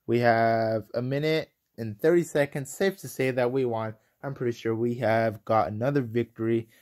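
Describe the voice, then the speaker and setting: Excitable young man narrating gameplay. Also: mid-range voice. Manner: excitable, rambling, quick to frustration. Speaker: gaming commentator. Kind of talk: casual gameplay commentary.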